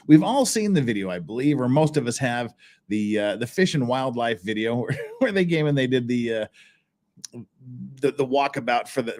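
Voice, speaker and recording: A channel host with a medium-pitched, slightly mellow male voice runs a casual livestream chat. He reads viewer messages in a rambling way, laughing often and restarting his sentences.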